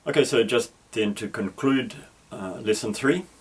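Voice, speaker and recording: Guy teaching a greek lesson, lowish voice, patient and careful, restarts a bit. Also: unhurried, slightly rough, rough recording. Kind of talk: explanatory lesson.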